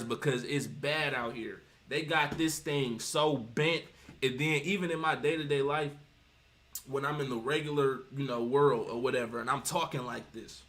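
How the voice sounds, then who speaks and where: A man streams casual commentary with a voice pitched a little above the usual male range. He preaches with emphasis, cites scripture and rambles, doubling back on himself as he goes. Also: fairly bright tone. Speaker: streamer commenting on reaction videos.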